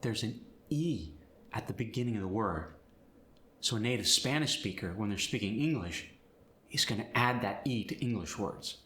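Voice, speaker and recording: Lively, animated male accent coach. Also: fairly low pitch, moderate pace, reverberant. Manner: animated, demonstrative teaching. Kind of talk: instructional pronunciation tutorial.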